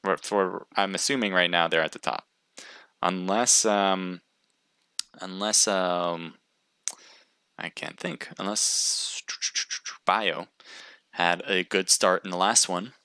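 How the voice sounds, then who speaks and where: A male streamer with a very low, gravelly voice that still has a bright, forceful edge. He chats casually with his viewers, rambling and restarting as he thinks aloud, in a dry, close sound. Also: steady tone, slow, pauses often, no echo. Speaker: livestream caster.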